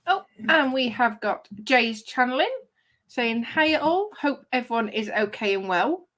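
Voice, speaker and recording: A woman's voice: on the high side, lively intonation, measured pace, fairly bright tone. A woman hosting a casual livestream, chatty and giggly as she reads viewers' comments aloud. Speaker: livestream host reading chat. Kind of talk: casual live-stream chat.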